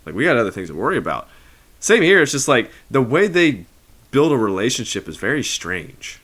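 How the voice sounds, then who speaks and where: A man's voice: mid-range voice, brisk. A man co-hosting a film review podcast, chatty and casual, peppering his talk with "like". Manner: chatty and lively, lots of "like". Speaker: podcast co-host.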